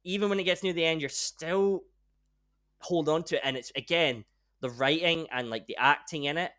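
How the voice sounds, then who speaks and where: A young man hosting a podcast in casual chat, rambling and excitable and swearing freely. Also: on the high side, normal speed. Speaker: podcast host.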